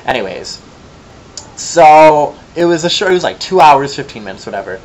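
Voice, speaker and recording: A young man from Michigan telling a long casual story in a vlog, chatty and gossipy, with sassy asides and lively quoted voices. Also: on the high side, moderate pace, rough recording. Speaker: vlogger.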